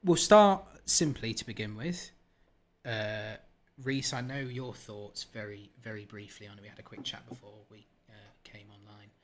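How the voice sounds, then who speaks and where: A man hosting a casual film podcast, jokey and chatty, with many pauses and uhs. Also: lowish voice, slight background noise. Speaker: podcast host.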